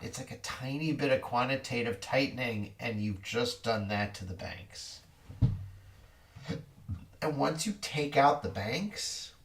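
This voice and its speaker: A man's voice: mid-range voice, creaky. A man giving casual market commentary in a rambling, wry way with corny jokes, a little distant from the mic.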